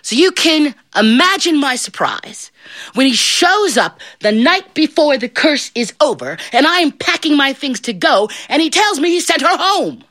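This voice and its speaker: Woman storyteller, bright tone, dry close sound, animated fairy-godmother narration. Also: high voice, unhurried, no echo. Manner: animated, swooping voice and playful asides.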